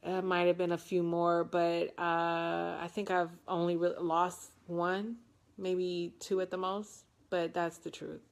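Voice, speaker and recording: A woman's voice: lowish voice, little pitch movement. A woman in her forties from Detroit, chatting casually as she answers viewer comments, rambling with lots of ums and playful self-mockery. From Detroit, USA. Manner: unhurried and rambling, with frequent ums and restarts. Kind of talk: casual live chat reading comments.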